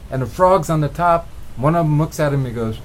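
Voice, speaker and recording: A middle-aged man telling motivational stories in a relaxed, rambling way, with frequent restarts. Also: a little high, fairly quick. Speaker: motivational speaker. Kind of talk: motivational storytelling.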